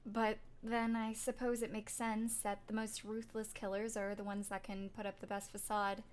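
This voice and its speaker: A woman voicing a friendly, chatty young female bird who gossips gently. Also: medium pitch, level tone, moderate pace, slight background noise, close to an everyday voice.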